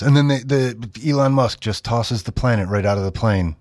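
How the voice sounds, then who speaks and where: A man's voice: on the low side, steady tone, moderate pace, few pauses, a little mellow, no room sound, clean studio sound. A middle-aged man hosting a radio show, giving sarcastic commentary and mocking the texts he reads aloud. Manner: sardonic, mocking, with exaggerated read-aloud quotes. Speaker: radio host.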